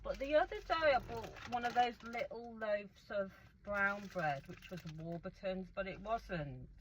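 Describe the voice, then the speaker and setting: A woman's voice: mid-range voice, unhurried, a little hiss or hum, rough recording. A middle-aged woman chatting casually through an eating show, rambling and talking to herself as she goes. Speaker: food vlogger.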